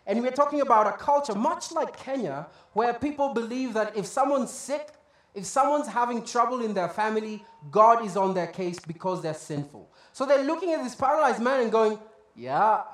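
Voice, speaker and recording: Pastor, sermon, conversational, acts out quotes, mid pitch, echoey church hall. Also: expressive, normal speed. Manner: conversational preaching with asides and acted quotes. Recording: echoey room.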